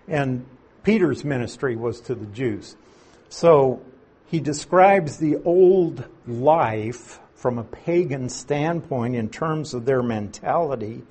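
Slow emphatic husky male Bible teacher. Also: fairly high pitch, a little mellow. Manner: slow, emphatic, reads scripture aloud and explains it.

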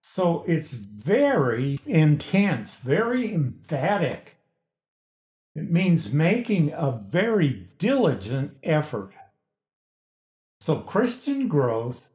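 Slow, lively preaching man in echoey room. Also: a little high. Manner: slow, deliberate teaching with emphatic stresses. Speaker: pastor. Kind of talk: expository sermon.

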